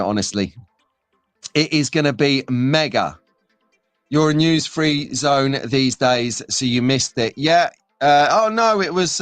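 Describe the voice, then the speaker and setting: A man's voice: mid-range voice, dry recording. Jokey man with dry sound. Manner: jokey, bantering, laughs often. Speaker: live stream host. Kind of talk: casual live stream chat.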